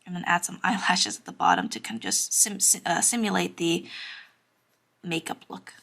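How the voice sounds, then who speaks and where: A woman's voice: on the low side, fairly even intonation, normal speed, creaky, fairly bright tone. A young woman teaching anime drawing in a casual, chatty way, with lots of fillers and some self-conscious giggling. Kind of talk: casual drawing tutorial narration.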